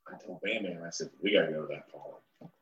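A man's voice: low voice, fairly quick, a bit bright, reverberant, muffled recording. A middle-aged man, a guest in an interview, telling a long story and acting out the people he quotes.

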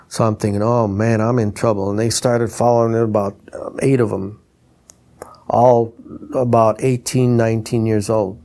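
A man's voice: medium pitch, moderate pace. Older man telling stories, mimicking voices. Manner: animated, mimics voices in quoted dialogue. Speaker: retired trumpeter and instrument designer. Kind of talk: anecdotal storytelling.

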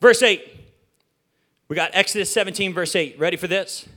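His voice sits high and sounds pushed and bright as he preaches at a moderate pace. The man's sermon from the church stage is casual and joking, chatty and playful, broken by stammered restarts and questions for the congregation.

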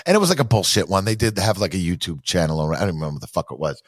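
Podcast host, man, lively swings, dry close sound, swears freely. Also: sits low, rapid-fire, slightly rough, dry recording. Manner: profane, animated, mimics people in loud outbursts. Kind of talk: casual chat.

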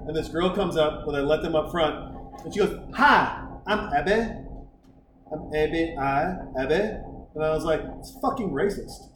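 Brash male podcast host, high-pitched, crude comic storyteller; roomy, noisy recording. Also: distant mic. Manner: profane, animated, acts out quotes. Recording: echoey room with background noise.

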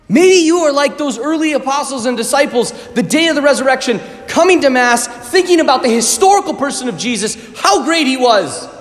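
A man, a priest, giving a homily at Mass, telling the story animatedly, acting out startled reactions and often clearing his throat. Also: very high-pitched, expressive, moderate pace. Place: church. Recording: long church reverb.

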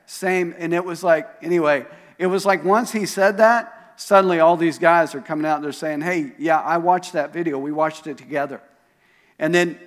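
A pastor telling a story during a sermon, animatedly acting out the voices of the people he quotes. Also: on the high side. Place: church auditorium. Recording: live sermon in a reverberant hall.

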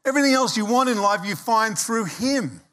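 A pastor in his sixties delivers a sermon in a fairly high voice. He talks conversationally, often stops to check that the congregation follows him, and slips in humorous asides. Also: animated, brisk, a bit bright.

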